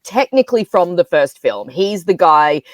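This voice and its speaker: A woman, co-hosting a casual film review chat, talking in an animated way with many fillers. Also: on the low side, moderate pace, dry recording. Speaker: podcast co-host.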